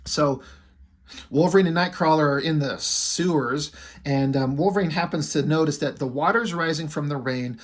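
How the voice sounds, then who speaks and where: A man's voice: on the high side, normal speed. A man who reviews comics and draws, retelling a story in a rambling, casual way full of fillers. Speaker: comic book reviewer and artist.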